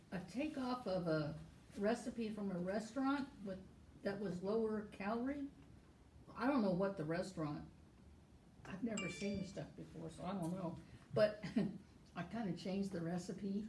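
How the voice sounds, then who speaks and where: A woman cook with a gravelly edge to her voice, trading dry, understated quips. She sits well back from the mic in a roomy kitchen, with a faint hum behind her. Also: medium pitch, measured pace, long pauses, dark tone, distant mic. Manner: dry, understated humor with easy laughs. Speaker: home cook on the show. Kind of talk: casual chat. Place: home kitchen.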